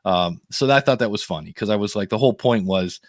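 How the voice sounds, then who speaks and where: A man with a fairly low voice chats on a podcast, telling stories with plenty of energy. He slips into quoted voices as he goes. The sound is dry and close. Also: quick pace, no echo. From United States. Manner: animated storyteller, acts out quoted voices. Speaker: podcast host. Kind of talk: casual chat.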